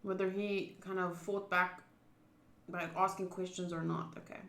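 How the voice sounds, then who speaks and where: A woman's voice: lowish voice, little pitch movement, unhurried, fairly bright tone, roomy sound. A woman streaming a visual novel, reading its text aloud and chatting about it between bites of food. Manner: chatty, eats while talking.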